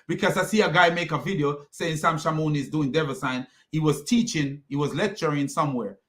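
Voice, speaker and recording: A man delivering ranting commentary with a mocking edge, chuckling at what he describes. His voice sits a little higher than most men's. He talks loosely and repeats himself as he goes. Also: a bit bright. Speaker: commentary host. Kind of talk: reaction commentary on clips.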